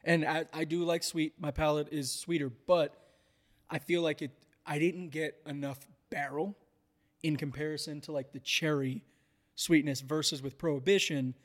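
A chatty podcast host, a man whose voice sits a little high. He hedges and restarts as he talks things through. The sound rings with a long hall reverb. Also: steady tone, normal speed. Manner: chatty, hedging, many restarts. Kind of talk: casual chat.

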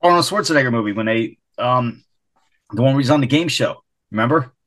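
A man in casual podcast chat with a mid-range voice. He is easygoing, swears freely, and keeps the talk relaxed. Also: mid-range voice, a little fast. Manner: profane, easygoing banter. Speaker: podcast co-host.

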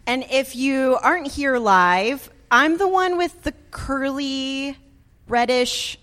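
A woman's voice: sits high, takes it slowly, a bit bright. A playful woman co-hosting a podcast, chatting casually and teasing her partner. Her voice rings out with a long reverb, as in a live hall. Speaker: podcast co-host. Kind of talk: casual podcast chat before a live audience.

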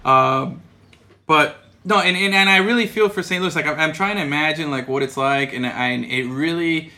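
A man's voice: fairly high pitch, moderate pace, sharp tone. A man from Miami co-hosting a casual sports chat, rambling and restarting his sentences, laughing often. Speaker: podcast co-host.

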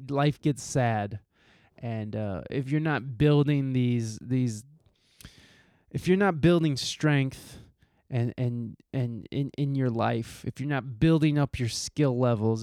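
A man's voice: medium pitch, warm tone, no echo, clean studio sound. A man hosting his own podcast, talking in an earnest, heartfelt way with casual swearing and lots of restarts. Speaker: podcast host. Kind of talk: solo podcast talk.

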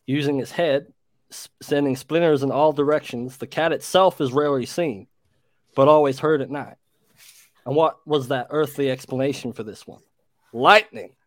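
A man's voice: medium pitch, normal speed, no room sound, clean studio sound. A man with a British accent from the United Kingdom, reading aloud in casual group chat.

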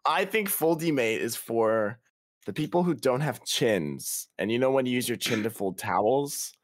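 A man chatting as a contestant in a comedy game, with a drawn-out and sighing delivery. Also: medium pitch, animated, no room sound, studio quality. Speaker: contestant pitching products. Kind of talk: casual comedic chat.

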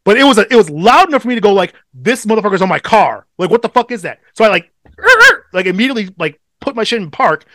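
A man co-hosting a podcast, telling a story in casual chat, swearing constantly and animated. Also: high-pitched, very fast, few pauses, dry recording, studio quality. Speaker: podcast co-host.

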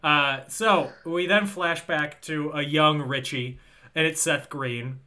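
A man's voice: on the high side, takes it slowly, sharp tone. A young man co-hosting a podcast, chatting casually and rambling through a film recap. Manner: rambling, trails off with ums. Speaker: podcast co-host.

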